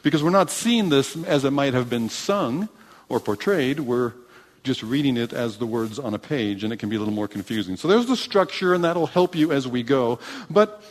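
A pastor delivers a sermon in a voice pitched a little high for a man. He preaches with animated emphasis and often restarts his phrases. His voice rings with the long reverb of a large hall.

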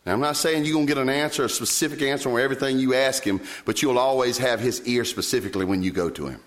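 A man preaches from the pulpit in a mid-range voice. He tells his story in a lively, animated way, with his pitch springing upward whenever he quotes himself. He sounds like a pastor in his thirties from Virginia. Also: fast talker. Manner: animated storytelling, sudden leaps in pitch when quoting himself. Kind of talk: sermon.

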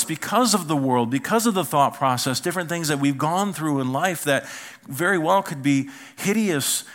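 A man, a pastor, preaching a conversational sermon and asking the congregation questions. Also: a little high. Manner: animated, asks the congregation questions.

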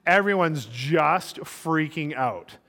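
A male pastor telling stories in a sermon, animated, acting out the people in his stories. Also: a little high, takes it slowly. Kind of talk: sermon with storytelling. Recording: long reverb of a large hall.

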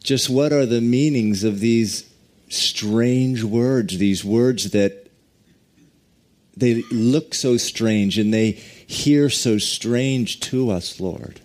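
A man preaching a sermon, reading scripture and praying with deliberate, drawn-out emphasis. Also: mid-range voice, a little mellow. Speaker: pastor.

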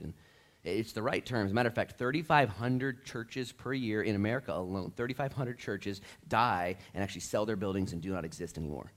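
A man preaching to his church, casual and lively, acting out quotes and dropping slang. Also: on the low side, fairly quick. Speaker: pastor. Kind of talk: sermon.

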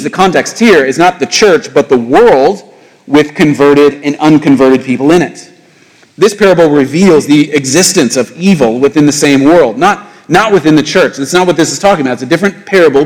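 A man preaching a sermon as pastor, animated, his voice rising on emphatic questions and dropping low on solemn points. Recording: reverberant hall.

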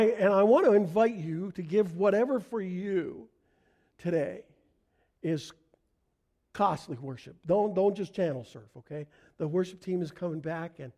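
A middle-aged male pastor preaching a sermon in a church, earnest, going soft in prayer and rising on emphasis. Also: sits high. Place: church sanctuary.

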